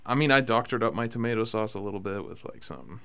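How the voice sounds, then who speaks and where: A young man hosting a casual podcast chat, rambling with many fillers and getting excitable about food. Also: on the low side, fast, creaky, a crowd in the background. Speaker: podcast host.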